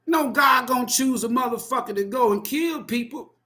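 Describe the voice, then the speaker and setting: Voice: mid-range voice, normal speed, sharp tone. Profane, emphatic tarot reader ranting. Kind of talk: impassioned spoken monologue.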